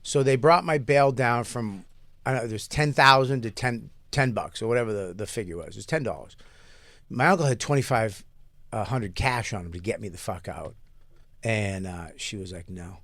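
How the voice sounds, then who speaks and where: A man's voice: on the low side, moderate pace, fairly bright tone, dry recording. A middle-aged man telling a loose, profane story in casual chat as podcast co-host, with many restarts.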